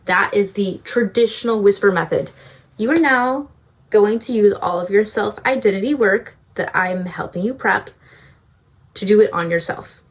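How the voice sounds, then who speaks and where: A woman's voice: medium pitch, normal speed. A young woman vlogging self-help advice in a casual, breezy way, often saying "like". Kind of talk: self-help vlog talk.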